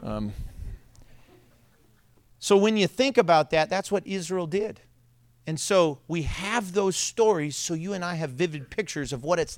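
A man preaching with a fairly high voice, animated and storytelling, breaking into laughs. The sound is dry and close. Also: dry recording. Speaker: pastor. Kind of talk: sermon.

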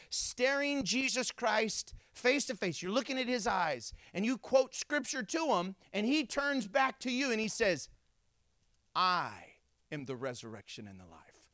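A pastor preaching a sermon to his congregation, animated, acting out the voices of people in the story. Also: high-pitched, no echo, clean studio sound.

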